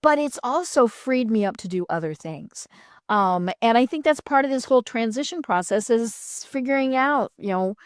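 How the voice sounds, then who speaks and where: A woman's voice: on the high side, moderate pace, no room sound, clean studio sound. Chatty middle-aged woman podcast host. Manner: chatty and animated, laughs often, many "you know" fillers. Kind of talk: casual conversational interview.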